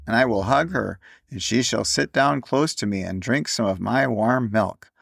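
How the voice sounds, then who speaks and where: A man voicing a small, affectionate boy in a storybook reading, speaking with careful, deliberate pronunciation. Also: mid-range voice, gravelly, a bit bright, slightly rough, dry recording, studio quality. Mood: delighted.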